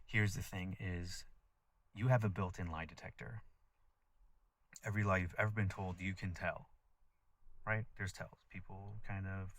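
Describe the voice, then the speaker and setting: Very deep-voiced man in rambling monologue. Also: a bit bright. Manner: rambling, blunt and profane, with many fillers. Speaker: vlogger. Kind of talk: casual spiritual monologue.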